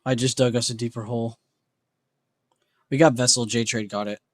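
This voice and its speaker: Streamer, male, mid pitch, casual self-mocking chatter, dry close mic, keys clacking. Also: steady tone, normal speed, no echo. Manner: muttering guesses, self-mocking, reacting to chat. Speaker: livestream host. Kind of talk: casual livestream chat while playing a word game.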